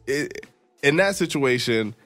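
A young man co-hosting a podcast, talking in an excitable, casual way. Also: mid-range voice, measured pace, soft background music. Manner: excitable, lots of filler and restarts. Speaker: podcast co-host. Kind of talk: casual chat.

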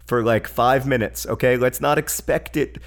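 A man's voice: medium pitch, fairly even intonation, moderate pace. A man co-hosting a comedy podcast in casual chat, wry and dryly joking. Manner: wry, dryly joking, breaks into helpless laughter. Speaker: podcast co-host.

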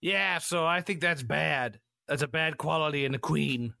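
A man's voice: a little high, normal speed, vocal fry, pushed and bright, no echo. A man playing an aging courtier who talks in a dry, offhand way in an improvised comedy play. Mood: wry. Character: aging courtier hoping to regain his youth.

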